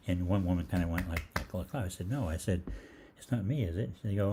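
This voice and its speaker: A man's voice: low voice, fairly quick, background noise. An older man hosting a health program, telling a rambling anecdote in a chatty way and acting out the other people's lines. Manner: chatty, acts out quoted voices, frequent ums and restarts. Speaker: holistic health program host. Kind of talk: casual rambling storytelling monologue.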